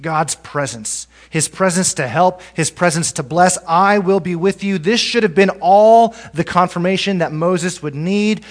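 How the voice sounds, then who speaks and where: A man preaching a sermon, his voice sitting a touch high for a man. He swings from energetic, emphatic passages to quiet, hushed lines when he wants a point to land. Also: unhurried, hardly any pauses. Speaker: pastor.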